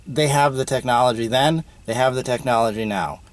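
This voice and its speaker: A man's voice: mid-range voice, brisk. A man hosting a podcast, giving a casual, opinionated movie review with frequent ums and uhs. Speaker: podcast host.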